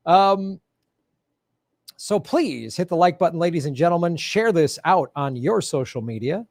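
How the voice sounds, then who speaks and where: Dry, higher-voiced male game show host. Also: moderate pace, a little mellow, no echo. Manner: playful put-on game show announcer voice. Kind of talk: live-streamed political comedy game show.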